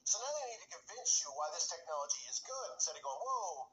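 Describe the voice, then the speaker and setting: A man's voice: on the high side, very animated, fast talker, a bit bright, reverberant, rough recording. A man ranting in commentary style, agitated, often tagging his points with "right?". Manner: agitated, repeats "right?" often, mocks quoted people. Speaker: commentary channel host.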